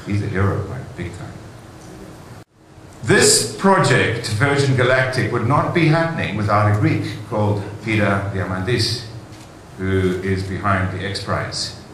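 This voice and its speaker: A man's voice: lowish voice, expressive, unhurried, fairly bright tone. A man giving an enthusiastic conference keynote speech in a large hall, telling stories with rhetorical asides. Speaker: conference speaker. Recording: very echoey hall, faint noise.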